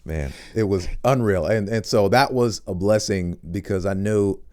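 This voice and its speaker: A young man telling a story in a casual interview, animated and acting out what people said. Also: normal speed. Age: young adult. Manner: animated, acts out quotes in high squeaky voices. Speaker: voice actor guest.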